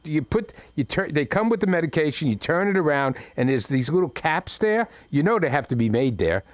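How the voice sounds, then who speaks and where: A middle-aged man tells a stand-up story at an open mic in a brash, blunt style. His voice climbs and drops with lively swings in pitch, sitting a little higher than most men's. The sound is dry and close. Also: a little fast, dry recording. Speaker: stand-up comic.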